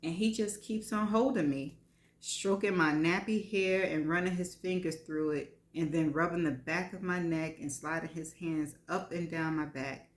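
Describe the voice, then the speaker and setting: A woman's voice: fairly low pitch, fairly even intonation, normal speed. A woman giving a live reading of frank first-person fiction, wry and laughing between lines. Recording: echoey room.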